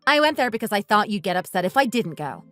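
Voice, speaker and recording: In this text-message story dramatization, a woman plays a resentful, bitter wife who accuses her husband outright and says she wants a divorce. Her mid-range voice is a touch bright, moves quickly, and swings widely in pitch, with soft music playing underneath.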